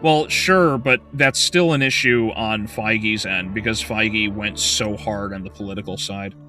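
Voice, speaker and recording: A man's voice: lowish voice, unhurried, bright, forceful tone, soft background music. A male game streamer in casual livestream chat, ranting heatedly with profanity and frequent stumbling restarts.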